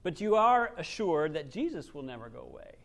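A male pastor with a notably high-pitched voice delivers a sermon. He talks animatedly, swinging between loud, emphatic lines and hushed, near-whispered asides. He slips into quoted voices to make his points. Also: very animated, brisk, vocal fry.

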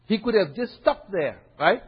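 Man, high voice, very lively pitch, husky, sermon, long hall echo. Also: normal speed. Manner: teaching, repeats points and checks in with "right?". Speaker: preacher. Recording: dull, echoey hall recording.

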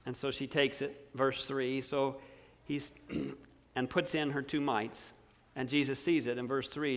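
A man preaching a sermon, slow and emphatic, dropping to near-quiet on key words. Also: medium pitch, little pitch movement. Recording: long hall reverb.

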